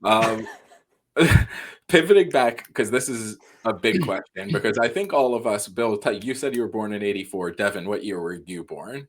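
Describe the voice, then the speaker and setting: Low-ish voiced guy in his 30s from long island hosting a podcast, laid-back and jokey. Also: expressive, normal speed. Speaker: podcast host. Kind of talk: casual podcast chat.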